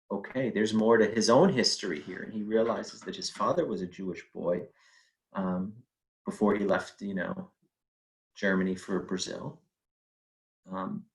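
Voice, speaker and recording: A man's voice: fairly low pitch, vocal fry, poor audio. A middle-aged man telling a personal family story in a conversational way, with fillers and quoted speech.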